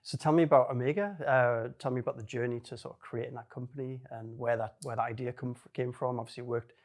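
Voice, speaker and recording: A man's voice: mid-range voice, steady tone, quick pace. Man, interview host, easygoing, laughs along, casual chat. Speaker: interview host, company co-founder.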